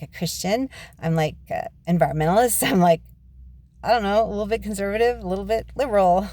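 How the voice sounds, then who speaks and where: A medium-pitched, darkish-toned American woman, a vlogger and author, records herself on a handheld phone in her parked car. Her talk is chatty and rambling, wandering into rants and digressions with frequent laughter, and there's no echo.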